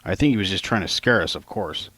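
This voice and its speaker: A man's voice: deep voice, lively intonation, quick pace, fairly bright tone, husky, no echo. A man narrating his own novel as an audiobook in a plain, casual storytelling manner. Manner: plain, casual storytelling, quotes lines in lightly raised voices.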